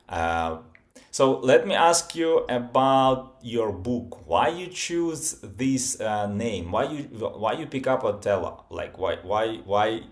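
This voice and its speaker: A male podcast host who speaks very slowly and hesitantly, often pausing on "uh" as he builds his questions. His voice sits fairly low. He sounds like he is working out each question as he goes. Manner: halting, with frequent "uh" fillers and restarts. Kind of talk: interview questions.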